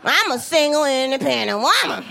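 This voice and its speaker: A woman in her thirties doing a stand-up set with a high voice. She delivers her bits bluntly and with plenty of profanity, and she lands her lines with punch. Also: very animated, normal speed, vocal fry, pushed and bright, some chatter behind, slight background noise. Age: 30s. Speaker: stand-up comedian.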